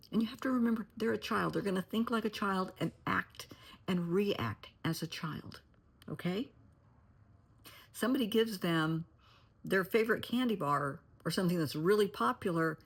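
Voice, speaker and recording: A middle-aged woman with a low, gravelly voice and a husky, breathy edge, talking straight to camera as a therapist. She gives earnest, cautionary advice and often sinks to a near-whisper to press a point. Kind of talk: direct-to-camera advice talk.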